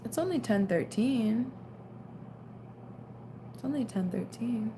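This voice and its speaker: A woman's voice: on the high side, lively intonation, slow pace, noisy background. A young woman casually chatting on a late-night livestream, reading out viewer comments and sounding tired. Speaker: livestream host.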